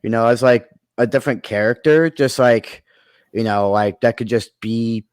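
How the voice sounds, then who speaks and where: Rambling through his movie ideas, this creator keeps restarting and filling gaps in a casual conversation. He has a smooth, mid-range voice and speaks at a moderate pace. The recording is dry.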